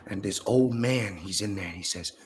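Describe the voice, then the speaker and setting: A man's voice: fairly low pitch, a little mellow, a little hiss or hum, natural voice. A man doing a solemn rambling mystic. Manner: slow, solemn pseudo-scientific musing, drawn-out pauses. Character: rambling mystical man, grandiose self-styled genius. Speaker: guest in a parody interview. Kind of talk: improvised comedy sketch.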